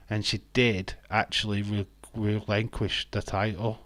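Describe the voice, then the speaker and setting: Low-voiced English man hosting a stream. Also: little pitch movement, a little slow, fairly bright tone, no echo. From England. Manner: chatty, jokey, reads viewer chat aloud. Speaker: live stream host. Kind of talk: casual wrestling watch-along commentary.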